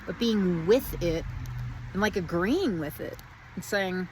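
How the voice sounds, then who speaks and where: A woman's voice: lowish voice, lively intonation, takes it slowly, a little mellow, slight background noise. A woman vlogging outdoors in the rain, musing in a meandering, reflective way with many restarts. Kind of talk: casual spiritual reflection.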